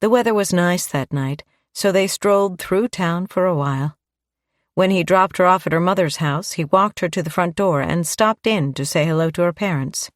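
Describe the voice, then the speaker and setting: A woman narrating an audiobook in a calm, even storytelling manner. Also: fairly low pitch, moderate pace, no room sound, studio quality. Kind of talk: scripted narration.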